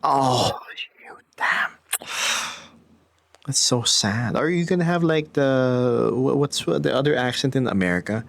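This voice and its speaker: A man's voice: medium pitch, moderate pace, vocal fry, few pauses, no echo. A man streaming on camera, chatting casually and playfully, laughing often and dropping into joking whispers. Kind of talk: casual chat.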